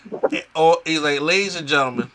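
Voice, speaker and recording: A man's voice: on the high side, a little fast, bright, forceful tone, a little hiss or hum. A man co-hosting a casual wrestling review podcast, recapping the show and laughing often. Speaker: podcast co-host.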